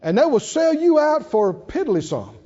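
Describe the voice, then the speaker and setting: Man preaching with lively swinging pitch. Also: normal speed, long reverb tail, muffled recording. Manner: dramatic, call-and-response preaching. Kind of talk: sermon.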